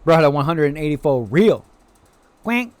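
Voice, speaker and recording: A man's voice: a little high, fast talker, a little mellow, dry recording. A man from the United States chatting casually to viewers while streaming a game, greeting chat and dropping playful quacks. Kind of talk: casual live-stream chat over gameplay.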